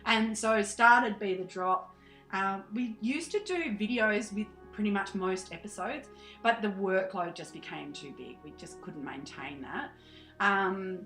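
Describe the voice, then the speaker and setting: A woman's voice: medium pitch, a bit bright, echoey room, low-quality recording. An Australian woman in her thirties, a podcast guest chatting animatedly, laughing often and acting out her past self. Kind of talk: casual interview chat.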